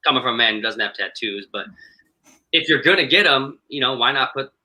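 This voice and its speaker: Bright-voiced, easygoing male podcast guest. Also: medium pitch, lively intonation, a little fast, rough recording. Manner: easygoing, joking asides. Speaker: podcast guest, band vocalist. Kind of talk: casual chat.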